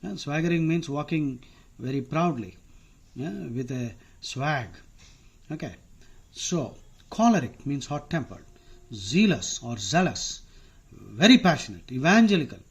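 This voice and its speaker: A man's voice: on the high side, lively intonation, measured pace, pauses often, slightly rough, lo-fi sound. A man with an Indian accent teaching vocabulary in a casual, chatty way, wandering into asides and using frequent "uh" fillers. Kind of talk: casual explanatory lesson.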